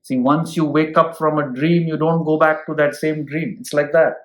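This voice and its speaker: A man teaching an ancient scripture at an unhurried pace, stopping to ask his listeners "hmm?" and reaching for everyday examples. His voice sits a little high for a man. The room gives it a noticeable echo. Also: steady tone. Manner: explains with homely examples and asks listeners "hmm?". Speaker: spiritual teacher. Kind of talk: scripture lecture.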